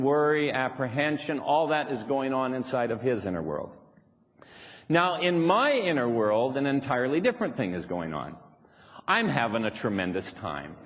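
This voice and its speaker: A man's voice: fairly high pitch, a bit bright. A man leading a live workshop in front of an audience, playful, often laughing and acting out the voices he quotes. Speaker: seminar speaker. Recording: reverberant hall, faint background noise.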